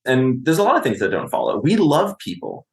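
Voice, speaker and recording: A man's voice: medium pitch, huge pitch swings, a little fast, echoey room. A man, a clinician and podcast guest, explaining parenting in conversation, often asking "right?" and acting out what a parent would say.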